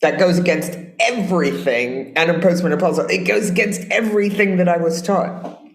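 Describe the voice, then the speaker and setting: A woman in her late fifties, a guest in a casual conversation, tells animated stories and acts out quotes with laughter. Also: lowish voice, normal speed. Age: late 50s. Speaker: guest, spiritual guide. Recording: roomy echo.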